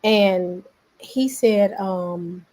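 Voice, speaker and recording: A woman's voice: mid-range voice, drawn-out words. Southern woman chatting casually. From Memphis, Tennessee. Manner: animated, rambling, talks to viewers. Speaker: vlogger host. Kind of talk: casual commentary vlog.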